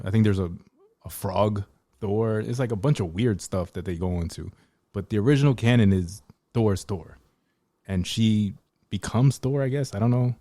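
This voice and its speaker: Man, low pitch, dry recording, casual movie chat, stammering restarts. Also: warm tone, dry recording. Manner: hesitant, measured, stammering restarts. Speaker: podcast co-host.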